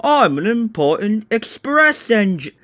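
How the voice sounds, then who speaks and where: A man's voice: high voice, sing-song, slow, fairly bright tone, dry recording, voice pushed up, heavily acted. A man voicing a boastful, condescending big male train engine in a homemade storybook reading. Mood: haughty.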